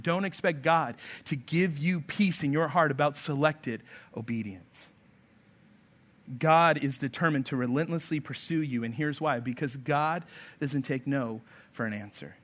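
A man's voice: fairly high pitch, fairly bright tone. A male pastor delivering a sermon emphatically, acting out quoted voices as he preaches.

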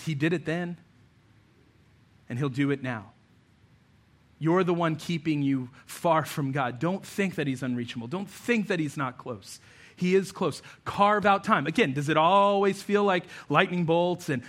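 A male pastor preaching a sermon, telling stories with animated delivery and little character voices. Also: a little high, normal speed. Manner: animated storytelling, voices for figures.

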